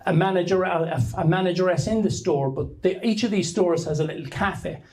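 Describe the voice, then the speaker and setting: Irish man, middle-aged, fairly high voice, rambling anecdotes, stop-start storytelling talk. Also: brisk, a little mellow, poor audio. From Ireland. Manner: rambling anecdotal, frequent restarts. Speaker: author giving a talk. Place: hall at a book launch.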